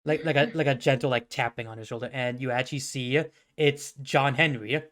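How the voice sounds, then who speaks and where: A man's voice: mid-range voice, steady tone, fairly quick, a bit bright. A man narrating a tabletop game as game master, in a casual way full of "like" and laughter.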